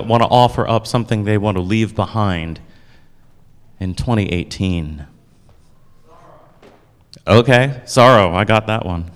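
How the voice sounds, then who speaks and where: A man preaches to his congregation in a playful, conversational way and keeps asking them questions. His voice sits low, but it swings widely up and down. A long reverb from the hall trails behind every phrase. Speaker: pastor. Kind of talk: sermon.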